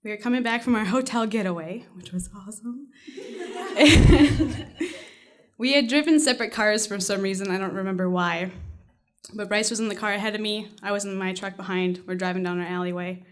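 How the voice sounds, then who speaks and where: At a live storytelling night, a woman shares a personal story from the stage in a mid-range, slightly quick voice. Her telling is casual and salty, broken often by her own laughter.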